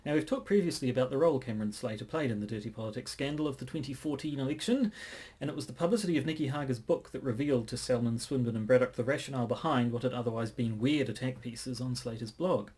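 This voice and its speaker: A man co-hosting a casual podcast, measured and hesitant, often restarting his sentences. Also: mid-range voice, a little mellow, husky. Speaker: podcast co-host.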